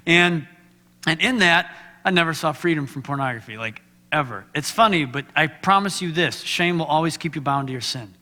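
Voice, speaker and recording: A man's voice: fairly high pitch, brisk, bright, forceful tone. A man preaching a sermon with personal testimony, speaking candidly and conversationally and asking the congregation questions. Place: church sanctuary. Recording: long hall reverb.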